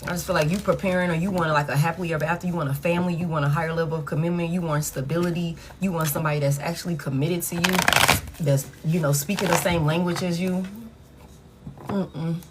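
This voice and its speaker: A woman's voice: lowish voice, fairly even intonation, fast talker, background noise. A woman giving a casual live tarot reading, blunt and frank, swearing freely and repeating herself for emphasis. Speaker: tarot reader.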